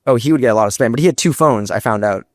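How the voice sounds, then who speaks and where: A young adult man from the United States, a startup founder and guest speaker, tells stories on stage to a large live audience, animated and quick, acting out what people said. The mid-range voice comes through with no room sound.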